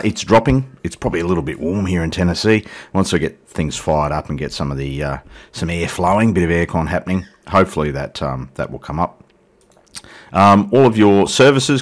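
A middle-aged man giving casual, jokey, rambling commentary as he plays a flight simulator. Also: deep voice. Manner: rambling, jokey and irreverent, talks to passengers and viewers. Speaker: flight sim video host.

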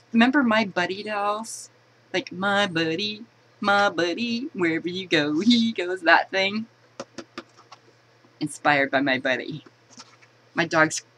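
A woman's voice: on the low side, fairly bright tone, slight background noise, rough recording. A woman chatting casually while unboxing a collectible, giggling and poking fun at herself. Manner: chatty, giggly, self-mocking.

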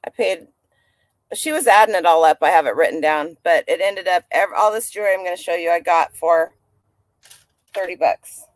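A woman's voice: on the low side, normal speed, no echo. A woman vlogging casually as a reseller, chatty and rambling as she shows her finds. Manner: chatty, rambling, talks to people and dog nearby. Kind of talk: casual chat.

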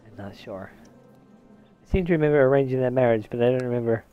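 Talking fast in a clean-toned, mid-range voice, a man gives casual commentary on his gameplay, musing and half-distracted. The audio is dull, with soft background music. He sometimes puts on a mock posh old-English voice.

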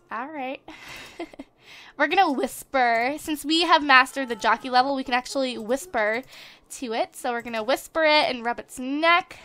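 Bright, high-pitched woman gaming host. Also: moderate pace. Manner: chatty and excitable, gasping at surprises. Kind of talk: casual let's play commentary. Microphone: desktop USB microphone.

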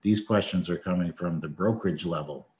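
A man's voice: low voice, brisk, darkish tone, roomy sound. A man, an accountant, explaining taxes on a webinar in a plain-spoken way and checking in with "okay" as he goes. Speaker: accountant co-host. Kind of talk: explaining tax in a live webinar.

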